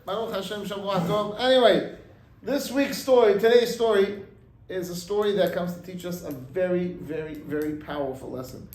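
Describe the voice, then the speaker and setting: A rabbi telling a story in a sermon, acting out its voices and mixing in Hebrew and Yiddish words. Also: male voice, high-pitched, moderate pace, roomy sound, low-quality recording. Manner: animated, acts out the voices in the story.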